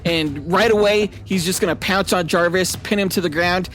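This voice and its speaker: A male podcast host with a fairly high voice lays out an absurd fight scenario in a playful, animated way. He often laughs at his own ideas. Faint music sits under his voice. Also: moderate pace. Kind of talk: playful comedic debate.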